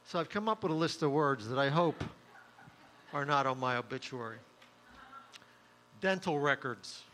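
A middle-aged man doing a stand-up comedy set, delivering crude one-liners in a deadpan, offhand way. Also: mid-range voice, normal speed, slight background noise.

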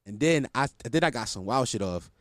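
Young man, candid storyteller, profane slang, lively pitch, dry recording. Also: a little fast, dry recording. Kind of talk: casual storytelling.

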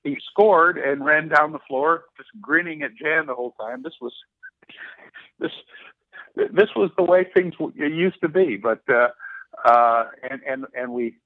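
Halting older man on a tinny phone line. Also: fairly high pitch, no echo. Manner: halting, frequent restarts and fillers. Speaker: sportswriter guest. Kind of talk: storytelling anecdote in interview.

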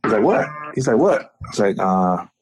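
A man's voice: on the low side, animated, a little fast, husky. Middle-aged man, ex-athlete guest on a phone call, loose and laughing, repeats himself as he spins a yarn. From North Carolina. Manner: laid-back, laughs often, repeats phrases. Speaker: interview guest, former football player. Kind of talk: casual storytelling over the phone.

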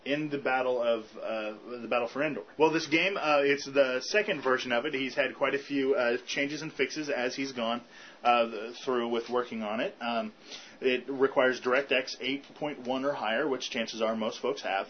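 A man's voice: mid-range voice, fairly even intonation, moderate pace. A man co-hosts a fan podcast in an easy, chatty way, reading out tips and web addresses between laughs. His voice sits in a middle register. The recording is dull and lo-fi, with a faint hiss under it. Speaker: podcast co-host. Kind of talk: casual chat.

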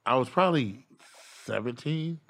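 Gravelly animated man telling stories. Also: medium pitch, moderate pace. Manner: animated, laughing, profane, acts out quotes loudly. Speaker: comedian. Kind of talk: casual storytelling chat.

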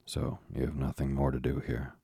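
A man's voice: rumbling low, level tone, moderate pace, gravelly, mellow, husky, no room sound, clean studio sound, full character voice. A man reading a genial old ship owner. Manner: genial, fatherly. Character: older male ship owner, kindly and jovial. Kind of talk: audiobook character reading.

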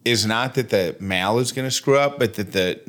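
A man's voice: fairly low pitch, normal speed, a bit bright. A man in his thirties co-hosting a podcast in casual chat, playful and jokey. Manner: jokey, playful, puts on a mock Australian voice. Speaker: podcast co-host.

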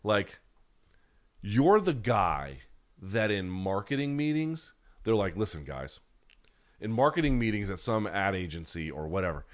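A man's voice: lowish voice, sing-song, a little slow. A man hosting a live chat, ranting bluntly and with plenty of profanity, now and then mocking people in put-on voices. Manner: mocks others in put-on voices. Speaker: host.

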